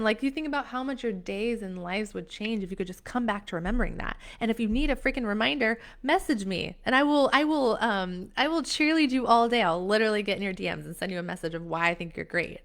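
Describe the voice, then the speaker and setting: Woman, young adult, motivational coach on a live stream; emphatic, gushing, restarts a lot, middle pitch. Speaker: empowerment coach hosting a live session.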